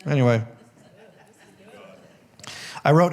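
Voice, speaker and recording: Guy pastor preaching in church, kinda high voice, chatty and jokey. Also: expressive, normal speed, darkish tone. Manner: conversational, jokey, laughs often. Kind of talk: sermon. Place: church sanctuary.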